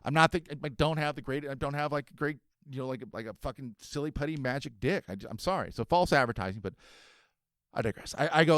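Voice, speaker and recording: Profane, animated man in his forties. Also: fairly high pitch, fast talker, dry recording. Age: 40s. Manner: profane, animated and self-mocking. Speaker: podcast host. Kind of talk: casual storytelling.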